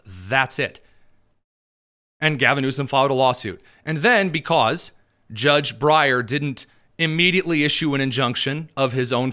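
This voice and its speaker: A man's voice: fairly high pitch, pushed and bright. A man hosting a political commentary show, talking in a sarcastic, mocking way. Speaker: podcast host.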